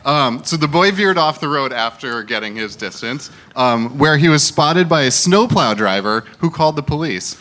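A man reading odd news stories aloud to the hosts of a comedy show, steady with brief laughs. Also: on the high side, normal speed, hardly any pauses.

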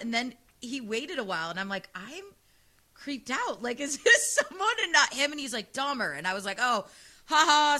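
A female radio host with a mid-range voice tells a dating story in casual chat. She's loud, sassy, and very animated.

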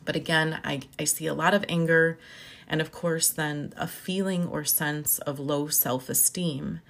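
A woman with a deep voice and a gravelly fry talks about emotions as a counselor. She is measured and deliberate, often naming feelings one by one. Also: fairly even intonation, fairly bright tone. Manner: measured, listing words one by one. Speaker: counselor for first responders. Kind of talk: reflective talk on emotions.

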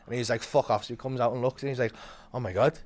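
A man telling a story as a comedian guest, swearing a lot and acting out quotes with big swings in loudness. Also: mid-range voice, fairly even intonation, quick pace. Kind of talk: animated storytelling.

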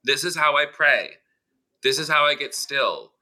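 A man's voice: a little high, animated, a little slow, bright, forceful tone. A man co-hosting a casual chat, blunt and emphatic, swearing freely.

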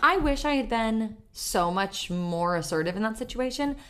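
A young woman co-hosting a podcast, telling a story in casual chat, animated, swearing freely and laughing often. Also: on the high side, moderate pace, clean tone. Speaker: podcast co-host.

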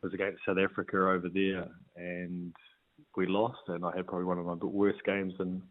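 A man's voice: low-pitched, brisk. New Zealand man on a tinny line. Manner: relaxed, rambling with fillers and restarts. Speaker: guest, former rugby player. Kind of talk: casual interview chat.

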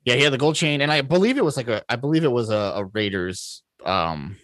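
A man's voice: mid-range voice, expressive, fast talker, a bit bright, dry recording. A man co-hosting a podcast, retelling movie scenes in casual chat with fillers and laughter. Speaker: podcast co-host.

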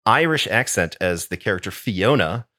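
A man's voice: fairly low pitch, animated, normal speed, pushed and bright, no room sound, clean studio sound. A man co-hosting a podcast in casual chat, wry and playful, running through a list with emphasis. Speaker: podcast co-host.

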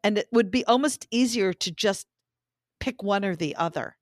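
A woman's voice: mid-range voice, animated, moderate pace, dry recording. Woman podcast co-host, dry jokes, recorded close with no room sound. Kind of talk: casual chat.

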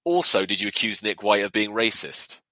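A man's voice: fairly low pitch, brisk, no room sound. A young man hosting a podcast, ranting casually and profanely about rugby fans. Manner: lively, profane, ranting with mock voices. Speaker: podcast host.

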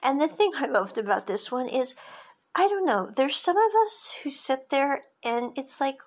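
A woman's voice: sits high, very animated, normal speed. A woman podcast host giving a chatty, digressive recap of a TV drama, with side notes along the way.

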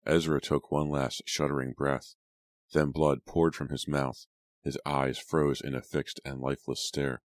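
A man narrating an audiobook in a slow, measured and grave manner. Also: extremely low pitch, level tone, no room sound. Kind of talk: scripted dramatic narration.

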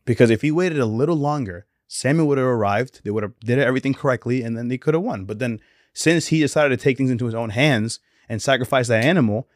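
A man's voice: mid-range voice, fast talker, no room sound, studio quality. A young man co-hosting a casual faith podcast, telling stories in a laid-back way with lots of slang and fillers. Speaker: podcast co-host.

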